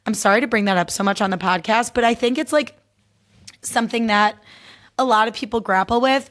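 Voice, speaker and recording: A young adult woman hosting her own podcast, talking candidly in a chatty, casual way and leaning heavily on "like". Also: medium pitch. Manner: chatty and candid, heavy use of "like". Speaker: podcast host. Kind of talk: casual solo podcast recap.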